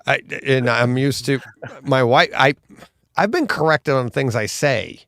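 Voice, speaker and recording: A man's voice: medium pitch, unhurried, a bit bright. A man co-hosting a live-streamed podcast, chatting casually in a rambling, self-deprecating way and laughing often. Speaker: podcast co-host.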